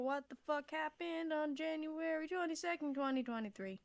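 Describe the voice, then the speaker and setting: In a casual podcast conversation, a high-pitched woman with vocal fry reads out of an old notebook at normal speed, rambling, laughing and swearing as she goes. She's one of the co-hosts.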